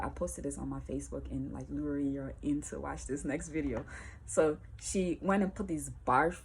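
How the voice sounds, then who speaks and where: A woman musician telling a personal story in a casual, colloquial way, lively and acting out the voices of the people in it. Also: sits low, slight background noise. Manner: animated, colloquial, acts out quoted voices.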